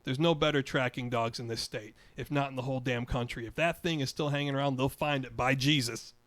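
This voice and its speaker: An older man reading as a gruff big-bellied county sheriff. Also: mid-range voice, steady tone, brisk, a bit bright, no echo, lightly acted. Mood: boastful.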